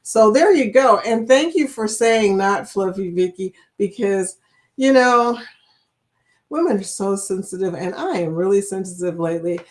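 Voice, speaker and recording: A woman's voice: mid-range voice, normal speed. Chatty middle-aged woman livestream host. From Kentucky, USA. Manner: chatty and rambling, laughs often, reacts to chat comments. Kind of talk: casual chat reading viewer comments.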